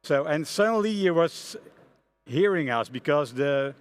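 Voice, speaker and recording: Animated Dutch-accented man telling a story. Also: a little high, a little slow, smooth, dry recording, soft background music. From Netherlands. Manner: animated, many hesitations and restarts. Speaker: conference speaker, front-end architect. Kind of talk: storytelling conference talk. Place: conference hall stage.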